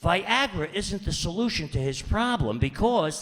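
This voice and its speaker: A man's voice: high voice, very animated, moderate pace, few pauses, in a large hall, background noise. A middle-aged man performing a stand-up comedy routine with brash, punchy delivery and mock-exasperated asides.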